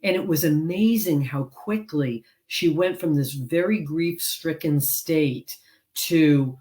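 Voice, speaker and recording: Over a video call, a woman who is an author and counselor talks as an interview guest in a casual, earnest way, rambling and using many fillers. Her voice is low-pitched and warm, and she speaks slowly.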